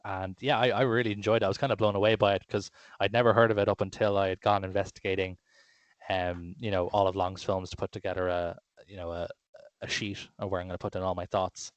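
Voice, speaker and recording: A man chatting casually on a film podcast, rambling and enthusiastic, full of fillers and false starts. His voice sits fairly low and the sound is dry and close. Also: fairly even intonation, quick pace, no echo, lo-fi sound. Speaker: podcast co-host.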